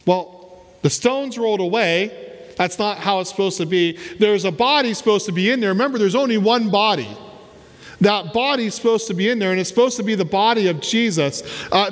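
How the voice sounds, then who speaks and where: A man's voice: sits high, in a large hall. A man preaching a sermon as pastor in a church, repeating key words and asking rhetorical questions.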